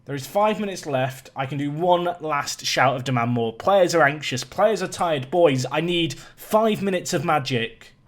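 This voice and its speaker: A man giving casual, self-mocking commentary while playing a football management game, swinging from match calls to mock panic. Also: fairly high pitch. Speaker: gaming YouTuber. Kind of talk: casual Let's Play commentary.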